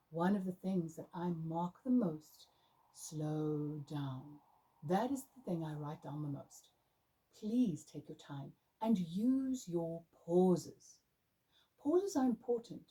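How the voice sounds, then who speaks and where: A woman's voice: lowish voice, warm tone, slightly rough, poor audio. A woman adjudicator giving emphatic, demonstrative coaching tips to young performers. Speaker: drama adjudicator. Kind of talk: instructional talk to performers.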